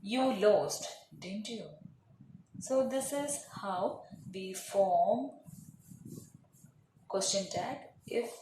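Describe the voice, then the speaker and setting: A woman teaching English grammar, explaining slowly and deliberately and repeating example phrases. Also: medium pitch, mellow. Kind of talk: grammar lecture. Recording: echoey room, faint noise.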